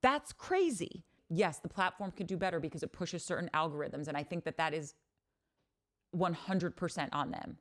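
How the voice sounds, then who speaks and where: A woman hosting a podcast, talking in a candid, animated monologue, telling stories with frequent swearing and restarts. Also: on the low side, normal speed. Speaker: podcast host. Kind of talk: casual monologue.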